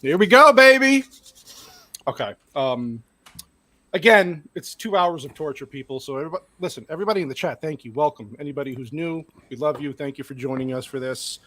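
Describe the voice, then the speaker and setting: A man's voice: mid-range voice, fast, a bit bright. A man hosting a casual group movie review podcast, joking, sarcastic and laughing often. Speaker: podcast host.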